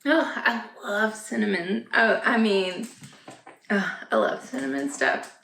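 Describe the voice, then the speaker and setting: A chatty woman in her thirties with a drawl talks casually at home, gushing over things with plenty of fillers. Her voice has a gravelly fry to it, and the room rings with echo. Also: mid-range voice, expressive, slow pace, fairly bright tone. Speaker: vlogger. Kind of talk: casual chat. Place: home, indoors.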